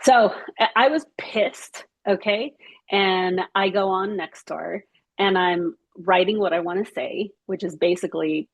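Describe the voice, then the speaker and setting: A woman with a husky edge to her voice, sitting at a middling pitch, spins a casual story for friends. She talks in a chatty, animated way, laughs easily, and acts out the lines of the people in her story. The sound is close and dry. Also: a little slow, no room sound. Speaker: study group member. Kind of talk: casual anecdote told to a group.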